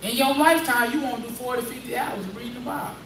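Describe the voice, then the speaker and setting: A man with a high voice preaches in a loose, conversational call-and-response style and keeps prodding a Bible reader. His voice comes from a distance in an echoey room, with a faint room hum behind it. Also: fast. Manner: conversational, prodding, repeats phrases.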